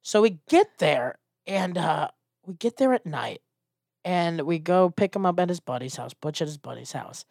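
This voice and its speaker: A man, a stand-up comedian, telling a casual, animated story and acting out the people in it. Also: fairly high pitch, moderate pace, creaky, dry recording, clean studio sound. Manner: animated, acts out quoted voices.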